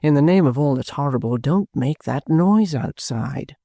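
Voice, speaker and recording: A man voicing an earnest young dramatist who speaks in a measured way. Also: a little high, expressive, warm tone, no echo, clean studio sound.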